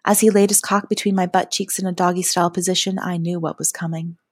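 A woman narrating a first-person adult audio story in a soft, often half-whispered delivery. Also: fairly low pitch, little pitch movement, fast, husky, no room sound, studio quality.

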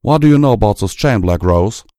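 A man's voice: fairly low pitch, fairly quick, a little mellow, dry recording, studio quality, natural voice. A man voicing a fiery, blunt farm pony mare who speaks in a brash, pushy way. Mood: agitated.

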